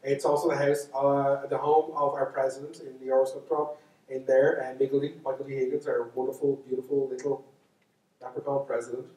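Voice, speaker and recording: A man's voice: medium pitch, flat delivery, a little fast, dark tone. A man with a Dublin Irish accent, telling stories to a live audience in a lecture hall, chatty and self-mocking, with lots of asides. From Ireland. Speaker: storyteller. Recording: echoey hall, voice from far off.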